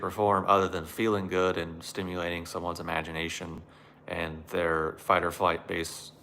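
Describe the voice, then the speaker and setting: A man's voice: sits low, pushed and bright. A man giving a sardonic monologue on spirituality and self-help, mocking it and acting out the voices he quotes.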